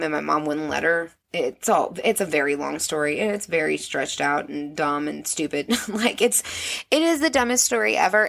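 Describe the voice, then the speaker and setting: A woman's voice: lowish voice, vocal fry, fairly bright tone. A woman from the American Midwest hosting a podcast, telling a personal story in a candid, casual way, swearing freely with wry asides. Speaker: podcast host.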